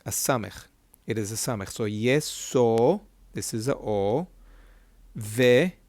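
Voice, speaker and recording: A male Hebrew teacher walks students through a reading lesson at a board. He repeats key terms and keeps asking checking questions. His voice is mid-pitched and recorded dry, with no room echo. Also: slow pace, a little mellow. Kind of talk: whiteboard lesson.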